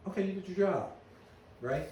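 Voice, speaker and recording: A middle-aged man speaks to a meeting audience as a lively storyteller who keeps checking in with the room. His voice booms around a very echoey hall, picked up from a distance. A faint room hum sits underneath. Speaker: business owner giving a presentation. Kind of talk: conference talk to an audience.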